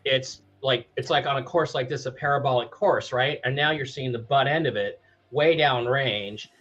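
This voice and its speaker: A man's voice: mid-range voice, normal speed, fairly bright tone, highs cut off. Brief: male co-host, confident lecturer, mid-range voice, faint music under. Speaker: podcast co-host. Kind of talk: casual chat.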